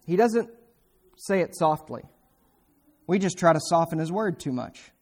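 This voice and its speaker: A man's voice: fairly high pitch, expressive, measured pace, a little mellow. A man preaching a sermon in a fervent, exhorting way, speaking straight at his listeners with sudden emphatic bursts. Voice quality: pointed, direct address to listeners.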